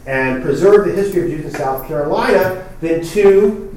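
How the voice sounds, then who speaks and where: A man's voice: sits high, big pitch swings, slow, background noise. A man giving an academic lecture from prepared text, with fillers and wry asides, recorded in a hall. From New Jersey. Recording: very echoey hall, speaker far from mic.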